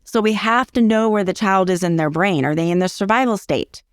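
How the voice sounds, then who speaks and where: A woman's voice: medium pitch, a little fast, dry recording, clean studio sound. A middle-aged woman explaining parenting in a casual interview, earnest and teacherly, repeating key phrases for emphasis. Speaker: early childhood educator and parenting guest.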